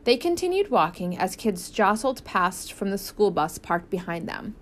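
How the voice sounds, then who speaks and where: A woman narrating a children's novel as an audiobook in a lively, expressive reading. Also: medium pitch, moderate pace, hardly any pauses. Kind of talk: scripted narration.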